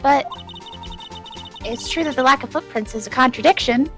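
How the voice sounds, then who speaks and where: A woman voicing a flustered elderly male judge, reading game lines in a high, wavering put-on voice. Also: moderate pace, music in the background, close to an everyday voice. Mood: fussy. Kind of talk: reading game dialogue aloud.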